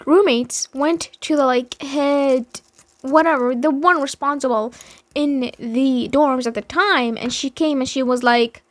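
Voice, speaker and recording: A woman's voice: high-pitched, dry recording. A young woman telling a story in a casual vlog, dramatic and emphatic, swearing heavily. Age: young adult.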